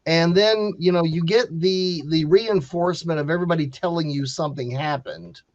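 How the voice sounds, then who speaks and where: A man's voice: fairly high pitch, normal speed, no echo, muffled recording. A man who is a psychic medium, a guest on a podcast, explaining his views in a matter-of-fact way during casual chat.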